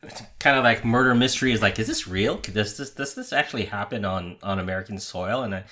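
A man's voice: fairly low pitch, a little fast, pushed and bright. A man co-hosting a podcast in casual chat, musing aloud with emphatic asides. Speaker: podcast co-host.

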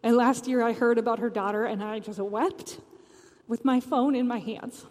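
A woman's voice: fairly high pitch, fairly even intonation, moderate pace, a little mellow, long reverb tail. A woman preacher giving a sermon, telling a personal story earnestly.

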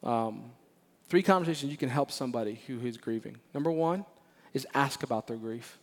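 A man preaching a sermon as pastor of a church, animated and emphatic, often repeating phrases and playfully acting out Bible characters. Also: medium pitch, fairly quick. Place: church sanctuary.

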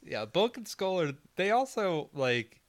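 A man's voice: sits high, very animated, unhurried. A man co-hosting a casual movie podcast, rambling and swearing freely as he recaps the plot. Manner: swearing, laughing, loose rambling. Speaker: podcast co-host.

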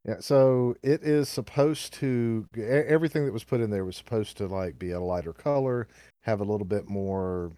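Man, Southern accent, low pitch, dark mellow tone, dry sound, rambling podcast co-host. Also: dry recording. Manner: rambling, halting with many fillers and restarts. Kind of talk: casual podcast chat.

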